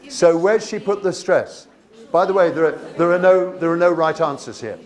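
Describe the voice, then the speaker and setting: Animated man leading a teacher workshop. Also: a little high, moderate pace. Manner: lively, reads poem lines aloud, many restarts. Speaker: teacher trainer.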